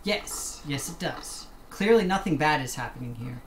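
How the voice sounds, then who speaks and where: A man's voice: a little high, expressive, moderate pace, noisy background. A man streaming a video game, chatting casually and thanking viewers with rambling asides. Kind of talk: casual live game commentary.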